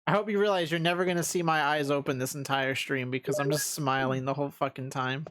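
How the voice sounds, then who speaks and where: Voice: medium pitch, fairly even intonation, quick pace, fairly bright tone, a little hiss or hum. Young rambling streamer. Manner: rambling, laughing, heavy use of filler words. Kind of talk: casual let's-play commentary.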